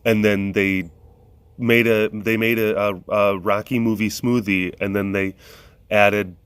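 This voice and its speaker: A man's voice: lowish voice, flat delivery, a little slow, a bit bright, clear, resonant tone, dry recording. A man vlogging outdoors at an animal facility, making playful, jokey asides to viewers and to the animals. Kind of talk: casual chat.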